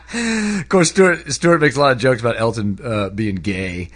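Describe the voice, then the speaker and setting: A man talking casually about a book he read, rambling with lots of fillers, his voice jumping up when he gets excited. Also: medium pitch, unhurried. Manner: animated, voice jumps up when excited. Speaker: book reviewer. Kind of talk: casual spoken book review.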